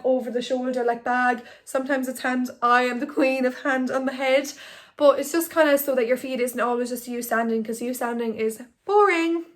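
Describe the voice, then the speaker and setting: A young woman, an Instagram blogger giving tips in a chatty, rambling vlog to a phone camera. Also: sits high. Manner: chatty, rambling, filler-heavy. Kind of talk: casual talking-head vlog. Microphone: phone on ring light.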